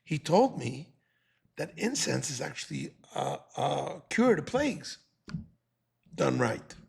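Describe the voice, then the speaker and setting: A man's voice: fairly high pitch, sing-song, takes it slowly, vocal fry, a little mellow, breathy edge, heavily acted. A man playing an older male prophet who gives urgent orders.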